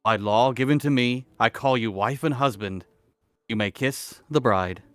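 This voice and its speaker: Stream guest, male; bright, close, dry voice with sarcastic jokes; faint music under it. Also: medium pitch, measured pace, no echo. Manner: jokey, sarcastic asides. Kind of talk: casual joking co-reading.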